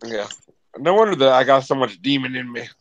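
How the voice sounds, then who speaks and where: A man making quick wisecracks in a casual group chat. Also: medium pitch, animated, muffled recording.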